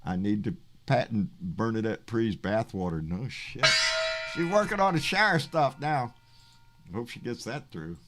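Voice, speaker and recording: Older Texan host, blunt, cussing, fired-up chat on a video call. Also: male voice, mid-range voice, moderate pace, a little hiss or hum. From Texas. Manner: blunt, profane, animated, calls people baby. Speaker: livestream talk show host. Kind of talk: casual political chat.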